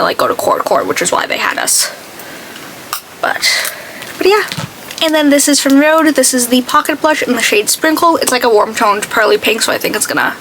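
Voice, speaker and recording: A woman's voice: a little high, fairly bright tone, a little hiss or hum, rough recording. A woman beauty vlogger chatting casually while she does her makeup, telling stories and acting out what other people said. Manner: chatty storytelling, acts out quoted people.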